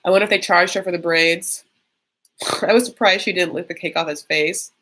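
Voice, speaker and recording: Gossipy lady reacting to reality tv live, lowish voice, rambly and fast in spurts. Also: fairly bright tone. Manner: chatty, lots of fillers, bursts of speed, gossipy. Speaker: reaction show host. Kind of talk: casual live reaction commentary.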